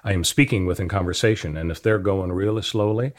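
Low-voiced man chatting on a podcast. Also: quick pace. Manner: storytelling, emphatic, playful asides. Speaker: podcast co-host. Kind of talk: casual chat.

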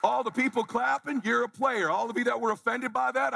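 A man in his forties delivers a fired-up motivational talk from a conference stage, prodding and scolding the audience. His voice sits high for a man and carries a gravelly rasp. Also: steady tone, fairly quick, hardly any pauses, pushed and bright, long reverb tail. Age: 40s. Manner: intense, blunt and challenging, calls on the crowd. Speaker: motivational speaker.

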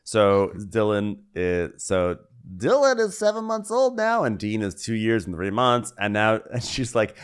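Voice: medium pitch, wildly swooping pitch, clean tone. Snarky, laughing podcast co-host. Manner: snarky, laughing, quick to mimic. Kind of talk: casual comedic recap.

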